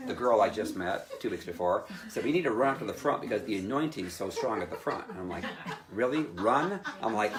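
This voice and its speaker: Man, lowish voice, animated storyteller, live audience audible. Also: a little fast, a loud crowd. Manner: lively storyteller acting out his own quotes, laughing often. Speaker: speaker telling his testimony.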